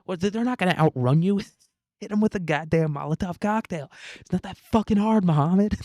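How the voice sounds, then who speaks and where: A man voicing an exasperated male spy agency handler who yells and swears at his agent. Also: fairly low pitch, lively intonation, fast, dry recording, studio quality. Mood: exasperated yelling. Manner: yelling, exasperated, profane.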